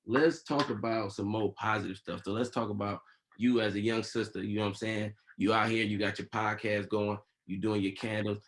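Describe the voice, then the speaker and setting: Low-voiced laid-back podcast host. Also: male voice, steady tone, brisk, fairly bright tone, rough recording. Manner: laid-back, thinks aloud, slangy. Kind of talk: casual chat.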